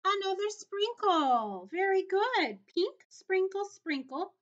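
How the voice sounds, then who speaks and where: A woman teacher giving a slow, encouraging video lesson to young children, in a singsong way. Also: very high-pitched, very animated, lo-fi sound.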